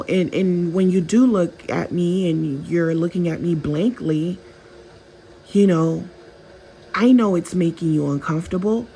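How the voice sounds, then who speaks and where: A woman's voice: fairly low pitch, a little mellow, low-quality recording. A woman vlogger giving casual, emphatic advice straight to the viewer, often repeating herself for stress. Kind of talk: casual monologue advice talk.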